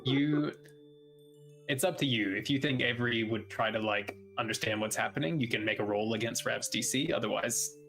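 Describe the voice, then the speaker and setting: A man acting as game master, hedging through rules with ums and restarts. He slows into hushed, atmospheric narration, with faint music playing under his voice. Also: mid-range voice, rough recording. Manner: hesitant, rule-checking, then slow atmospheric narration.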